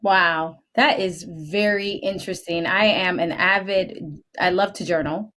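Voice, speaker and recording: A woman's voice: on the low side, fairly even intonation, unhurried, fairly bright tone. A woman hosting a podcast who asks her guest questions in an enthusiastic, encouraging way. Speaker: podcast host. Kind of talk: interview conversation.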